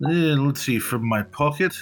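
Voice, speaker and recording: A man's voice: on the high side, normal speed. A man playing a tabletop game, talking in a wry, deliberating way. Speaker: player.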